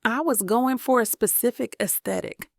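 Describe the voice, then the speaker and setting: A good-humored grown son who takes the ribbing in stride, as read by a woman narrator. The delivery is wry and easy, a little gravelly, and recorded dry and close. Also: fairly high pitch, moderate pace, no room sound, pitched above the performer's own voice. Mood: teasing. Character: playful teasing man, family's grown son.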